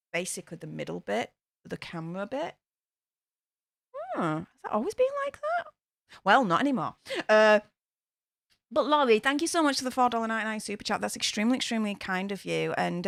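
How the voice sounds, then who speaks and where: Hosting a casual YouTube livestream, this young Yorkshire woman reads fans' super chats aloud, speaking bluntly and swearing freely in her Yorkshire accent. Her medium-pitched voice is gravelly, and the studio-quality recording has no echo.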